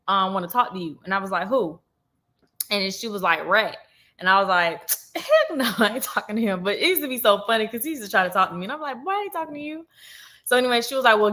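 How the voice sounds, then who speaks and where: A young woman telling a story in a casual, chatty vlog and acting out the people she quotes. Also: medium pitch. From Georgia, US. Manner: chatty, animated, acts out quoted voices. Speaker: vlogger.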